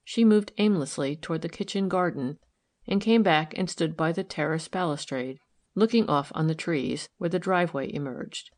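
Woman narrator, audiobook, measured, even, lowish voice. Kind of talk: scripted narration.

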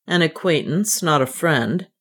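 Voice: medium pitch, animated, measured pace, a bit bright, breathy edge. A reader voicing an earnest, proud young man who speaks with restraint in an audiobook. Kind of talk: audiobook reading.

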